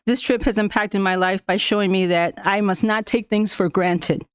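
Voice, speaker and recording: A woman whose first language is Spanish tells a school board about a trip. She talks haltingly, with fillers and restarts, and laughs often. Her voice is smooth and clear, and the recording is dry and close. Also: medium pitch, fairly even intonation, no room sound. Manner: laughs often while telling a story. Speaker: school staff member addressing the board. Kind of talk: personal account at a public meeting.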